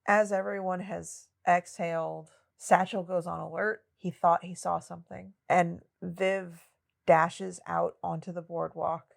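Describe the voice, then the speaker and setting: A woman co-hosting a podcast, chatting about a novel in a relaxed, digressive way and laughing often. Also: fairly low pitch, a little slow, vocal fry. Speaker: podcast co-host. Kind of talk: casual book discussion.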